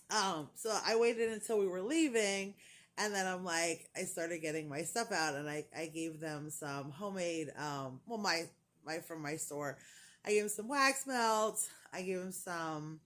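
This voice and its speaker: This is a woman chatting straight to her camera at home. Her voice sits a little low, and she tells her story loosely, laughing along the way and putting on voices for the people she quotes. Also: a bit bright. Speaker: crochet vlogger. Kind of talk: casual chat.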